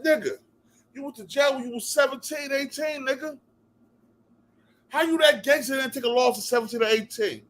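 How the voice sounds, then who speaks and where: A man's voice: very high-pitched, lively intonation, normal speed. A man from New Jersey ranting to camera as a vlog commentator, heated and repetitive, cutting in with "yo" and "bruh". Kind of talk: profane rant to camera.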